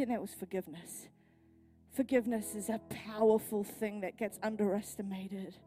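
A pregnant woman pastor with a New Zealand accent preaches a sermon during a church service, sharing earnest personal stories. Her voice is fairly high in pitch and mellow.

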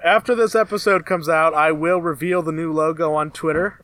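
A man's voice: fairly high pitch, fairly even intonation, brisk, a bit bright, no echo. A man co-hosting a casual podcast, steering the talk and announcing what comes next. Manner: leads the show, announces segments. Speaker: podcast co-host.

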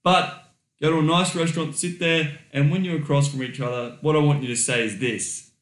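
A man's voice: on the high side, steady tone, a little fast, a bit bright. An Australian man co-hosting a casual podcast, blunt and swearing freely, laughing easily as he talks. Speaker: podcast co-host. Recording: roomy echoey room.

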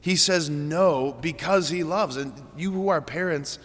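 A man's voice: a little high, unhurried, fairly bright tone. A young adult man, a priest, giving a homily in a conversational storytelling way, with frequent fillers. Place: large church. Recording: long church reverb.

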